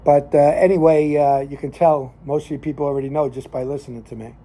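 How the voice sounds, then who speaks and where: An older man with a Northern New Jersey accent, a cigar show host and lay minister, tells a rambling, folksy story full of fillers. His voice is on the high side and dark in tone, steady, and fast-paced.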